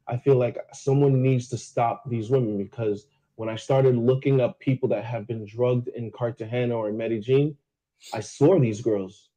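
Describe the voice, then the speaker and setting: Dark-toned man telling an urgent story. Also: mid-range voice, low-quality recording. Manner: earnest, urgent recounting. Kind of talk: vlog storytelling.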